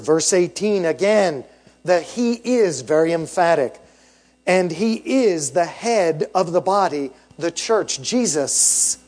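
High-voiced, unhurried preaching man. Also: darkish tone. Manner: emphatic, asks the congregation rhetorical questions and tags "right?". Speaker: pastor. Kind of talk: sermon.

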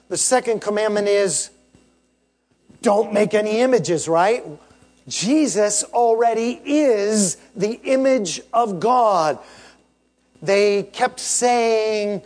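A man preaching a sermon as pastor, emphatic and measured, often tagging his points with "right?" and asking the congregation rhetorical questions. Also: high-pitched.

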